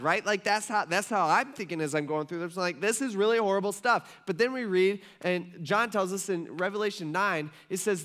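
A pastor preaches with a slightly high voice, chatty and full of "like" and "um." He swings between loud, emphatic stretches and quiet, offhand asides, keeping the tone informal from the pulpit. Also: moderate pace, hardly any pauses. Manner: casual, rambling preaching with many "like" and "um" fillers. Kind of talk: sermon. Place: church sanctuary.

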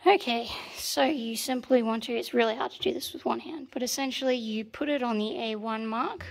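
A slightly hoarse woman with an Australian accent gives a patient, step-by-step workshop tutorial, repeating key points while filming on a handheld phone in a workshop. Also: fairly high pitch, brisk. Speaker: tank restoration mechanic. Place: workshop beside a tank engine.

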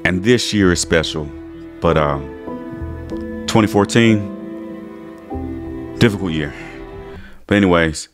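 A man's voice: low voice, takes it slowly, long pauses, soft background music. A man vlogging as a sports fan, talking emotionally with stammering restarts and dramatic retelling.

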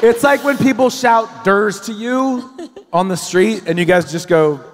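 A man's voice: high-pitched, a little slow, long reverb tail. A man co-hosting a live comedy podcast, adding dry joking asides. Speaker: podcast co-host. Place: live stage show.

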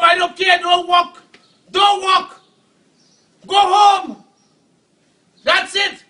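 A man with a Trinidadian accent yelling and cursing at workers outdoors, repeating the same orders again and again. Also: very high voice, flat delivery, drawn-out words. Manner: shouting, profane, repeats orders over and over. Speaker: homeowner scolding workers. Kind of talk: heated real-life argument. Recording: voice far from the mic.

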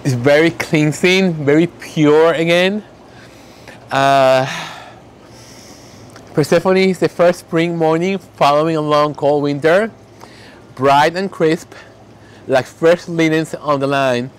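Emotional man, slightly high voice. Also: smooth. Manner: emotional, reads fragrance notes aloud slowly. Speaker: candle maker. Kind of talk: casual vlog talk.

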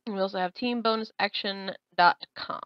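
A woman co-hosting a casual podcast, reading out social links in a brisk, matter-of-fact way. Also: medium pitch, fairly even intonation, clear, resonant tone, no room sound, dull audio. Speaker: podcast co-host.

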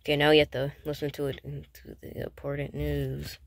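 Rambling improviser with a creaky, gravelly voice, dry close sound, mid pitch, fillers everywhere. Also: monotone, fairly quick, no echo. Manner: rambling, hesitant, full of fillers and restarts; switches to whispers and loud squeaky outbursts. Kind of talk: improvised silly skit with toys.

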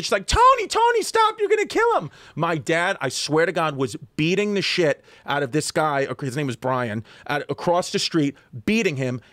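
Man, new york accent, fast animated storyteller, fairly high voice. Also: no echo. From Staten Island, New York. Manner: rapid, profane, animated storytelling. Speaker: comedian guest. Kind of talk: casual storytelling chat.

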